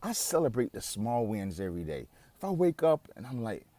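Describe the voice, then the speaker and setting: A man's voice: medium pitch, very animated, fairly quick, warm tone, no echo. A man in his forties giving a candid, conversational self-help talk that is laced with swearing. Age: 40s. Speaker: podcast host. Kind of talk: casual self-help monologue.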